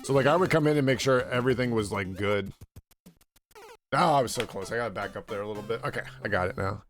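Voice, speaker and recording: A young man talks fast in a fairly low voice while streaming a game, with faint music in the background. He rambles casually through a story, saying "like" constantly and swearing freely.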